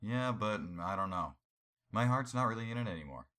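A worn-out collage artist grumbles about his lot, read by a man in a low voice with a bright, forceful edge. The delivery stays plain and resigned. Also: lively intonation, fairly quick, a little hiss or hum. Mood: fed up. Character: weary male collage artist, fed up.

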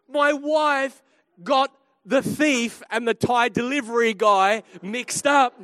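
High-voiced man preaching a lively sermon. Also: slow, no room sound, clean studio sound. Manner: storytelling with humor, animated swings in loudness. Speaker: pastor.

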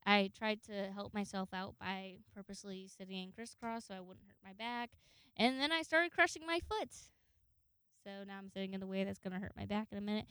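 A woman's voice: mid-range voice, brisk, a bit bright, smooth, no room sound. A young woman casually telling stories to her viewers, chatty and profane, laughing often. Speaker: vlogger. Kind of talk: casual storytelling to camera.

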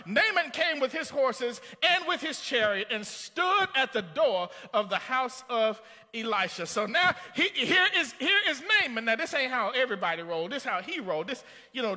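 Bright, high-pitched preacher man in a hall. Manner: storytelling preacher, building to shouts. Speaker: pastor. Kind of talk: sermon.

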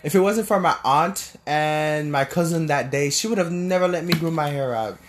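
A man's voice: a little high, normal speed, slight background noise. A young man from Jamaica in casual, rambling storytelling, full of restarts and fillers. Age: young adult.

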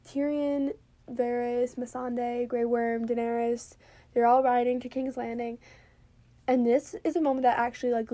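High, mellow-voiced woman chatting casually. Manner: animated, swears freely, fillers like "like". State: drinking while talking. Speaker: TV episode reviewer. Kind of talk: casual chat.

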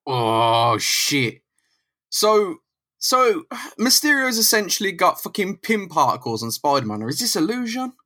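A man with a bright, lively voice chats about a comic book on a podcast. He reacts to twists and spins jokey what-if scenarios. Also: high voice, a little slow. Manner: joking, reactive, riffing on scenes. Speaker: podcast co-host.

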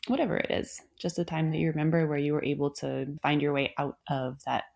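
A woman hosting a casual interview, relaxed and candid, asking open questions. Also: low voice, brisk, creaky. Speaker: podcast host.

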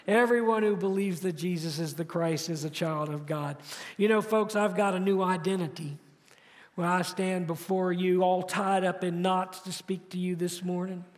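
In a hall with long reverb, a male pastor delivers a sermon, building up to loud, emphatic phrases before dropping soft and low to end each point.

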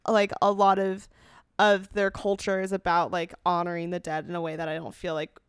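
Woman co-host, casual and reflective, smooth clear voice, dry sound. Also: lowish voice, completely flat delivery, brisk, no room sound. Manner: chatty, reflective, many "like" fillers. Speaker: podcast co-host. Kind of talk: casual chat.

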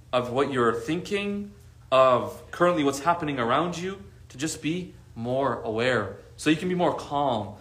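A man with a fairly high pitch and fairly bright tone gives an informal lesson to a study group in an echoey space. He chats with his audience, frequently asking rhetorical questions, and weaves in Arabic religious expressions.

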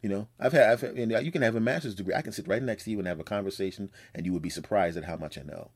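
A man with a fairly low voice talks alone on his podcast, spinning a story in a loose, rambling way. He jokes, swears and slips into little acted-out quotes of other people. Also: rapid-fire, slightly rough. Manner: rambling storytelling, acts out quotes, profane and joking. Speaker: podcast host. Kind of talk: casual monologue.

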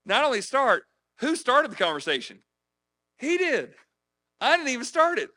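Bright high-voiced preacher. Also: male voice, very animated, moderate pace. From South Carolina. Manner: chatty, frequent "right? okay?" check-ins with listeners. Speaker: preacher teaching on evangelism. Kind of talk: conversational sermon with personal stories.

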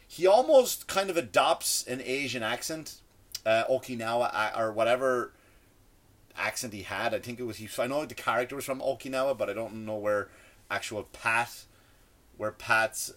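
The speaker is a man with a mid-range, fairly bright voice and a non-American English accent. Sitting indoors, he rambles through a mocking, sarcastic comic rant, frequently stammering and restarting.

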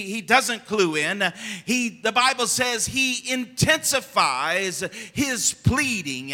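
A man pastor preaches with fervor in a church sanctuary, climbing to loud emphasis and then falling back to soft asides. His voice is very high and strikingly bright. A long hall reverb trails every phrase. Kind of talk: sermon.

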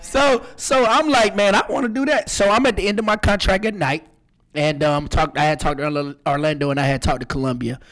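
A man's voice: a little high, brisk. A man hosting a podcast, telling his radio career story in casual chat and acting out what people said. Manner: animated, acts out quotes. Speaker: podcast host, radio personality.

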